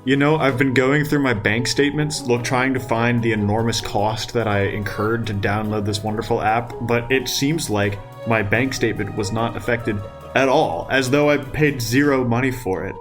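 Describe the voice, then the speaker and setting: A man's voice: medium pitch, steady tone, normal speed, over music. A man playing a tabletop game, joking in dry, wry banter. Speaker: player.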